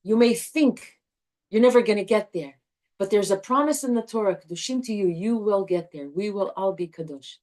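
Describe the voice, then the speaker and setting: A woman teaching a live Torah class to a group, animated and chatty, restarting her sentences often. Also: medium pitch, normal speed.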